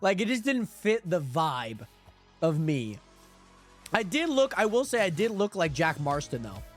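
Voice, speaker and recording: A man with a high, bouncy voice that swoops up and down, chatting loosely with his stream viewers as he plays. He rambles and repeats himself between game moves, talking into a desk mic. Music plays clearly underneath. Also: sing-song, unhurried. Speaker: livestreamer. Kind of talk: casual gaming livestream chat. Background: background music.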